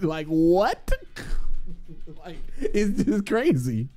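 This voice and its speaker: A man's voice: sits high, slow. A man, a gaming content creator, rambling casually to his viewers with lots of swearing, slang and laughter. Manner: profane, excitable, laughs often, streetwise slang.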